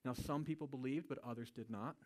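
A male pastor delivers his sermon in an easygoing, conversational manner. His voice sits at an ordinary middle pitch, and he keeps checking in with the listeners with a quick "right?". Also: a little mellow. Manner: casual and conversational, often adds a questioning "right?".

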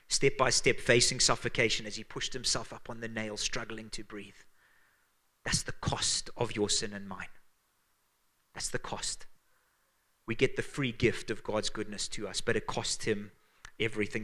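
A man with a Zimbabwean accent preaching a sermon as pastor, earnest and emphatic, dropping to hushed tones for weight. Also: medium pitch.

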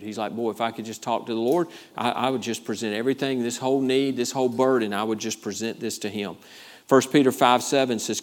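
Emphatic preacher man. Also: on the low side. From Georgia, USA. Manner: emphatic preaching with repeated phrases and calls of "Amen?". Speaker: pastor. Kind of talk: sermon.

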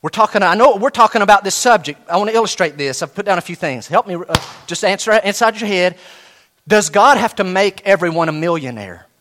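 A man preaching a sermon, animated, with sudden soft drops and slow, emphatic repetition of key phrases. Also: high voice. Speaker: pastor.

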